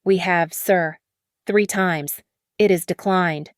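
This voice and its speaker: A woman's voice: on the low side, steady tone, slow, no room sound, studio quality. Woman doing an accented polite waiter. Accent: foreign. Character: male waiter delivering bad news.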